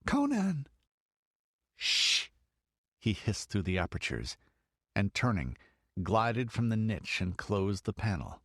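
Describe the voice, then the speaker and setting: This is a man with a fairly low voice narrating an audiobook from a script. His delivery is steady and measured, like a storyteller, and the sound is clean studio audio with a dry quality.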